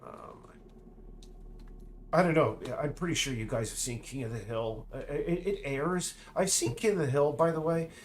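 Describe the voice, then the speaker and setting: A man's voice: on the high side, normal speed, slight background noise. A middle-aged man chatting while he works on a game, drifting into tangents and restarting his sentences. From United States. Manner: rambling, tangents, frequent restarts and stammers. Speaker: indie game developer streaming. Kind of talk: casual rambling chat while working.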